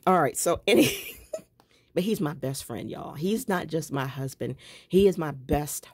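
A woman's voice: low voice, lively intonation, measured pace, breathy edge. A woman giving a chatty, rambling tour of her home craft room, often breaking into laughter. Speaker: planner and journaling vlogger.

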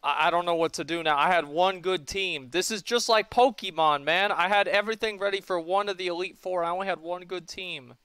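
A man competing on a livestream stammers through playful complaints. His voice is smooth and a little high. He sounds fretful and put-upon, in a joking way. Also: fairly even intonation, a little fast, few pauses, sharp tone, no room sound. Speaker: tournament player. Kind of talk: casual chat on a livestream.

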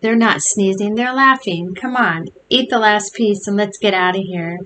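A woman's voice: mid-range voice, normal speed, a bit bright, slight background noise, lightly acted. A woman reading the part of a pushy schoolboy who coaxes a friend along in a storybook. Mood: coaxing. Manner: pushy, coaxing. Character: boastful schoolboy egging a friend on.

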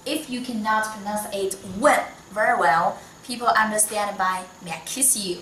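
Chinese-accented lady teacher, slow and patient, echoey room, a bit far off. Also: mid-range voice, a bit bright, slight background noise. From China. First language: Mandarin Chinese. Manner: patient, slow, encouraging, with modelled tones. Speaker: Mandarin teacher. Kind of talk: online language lesson. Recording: echoey room, voice slightly off-mic.

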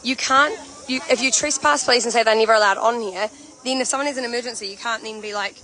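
A woman's voice: on the high side, brisk, rough recording. A woman from Canterbury with a New Zealand accent, livestreaming from an outdoor protest camp and talking through events in a chatty way, full of "you know" and "like". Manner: chatty, explains things at length, many "you know" and "like" fillers. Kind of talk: casual livestream commentary. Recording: phone audio with steady background noise.

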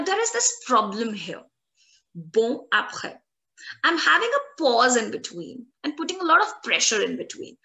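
A woman teaching a language lesson at an unhurried pace. Her voice is bright and fairly high. She drills each word over and over for the learners to repeat. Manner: drills pronunciation by repeating words slowly. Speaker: French teacher.

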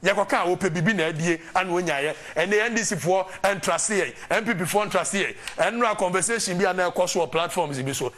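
A man's voice: sits high, quick pace, hardly any pauses, a bit bright. A Ghanaian man giving an impassioned political talk, emphatic and preaching, mixing English and Twi. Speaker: political commentator.

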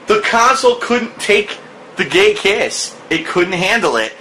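A man streaming a video game, shouting in disbelief and laughing loudly as he comments. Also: high-pitched, sing-song, a little slow, slight background noise, poor audio. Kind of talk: live gameplay commentary.

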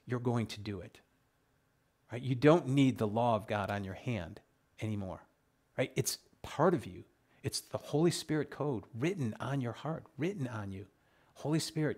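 A man leading a Bible study, reading scripture aloud and reacting to the verses with emphatic exclamations. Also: medium pitch. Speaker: Bible teacher.

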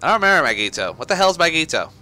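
A man giving let's play commentary on a shooter game, excitable, swearing and yelling at enemies. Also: on the high side, rapid-fire, music in the background. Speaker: gaming YouTuber.

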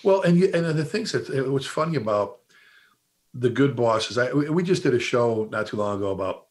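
A middle-aged man, a fire service instructor, telling stories in a casual chat, quick and animated, often restarting his sentences and quoting old bosses. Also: medium pitch.

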